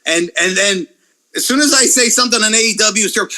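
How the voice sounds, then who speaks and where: Man, podcast guest, high voice, very lively pitch, sharp forceful tone, profane ranting. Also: fast. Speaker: wrestling YouTuber guest. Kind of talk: casual podcast chat.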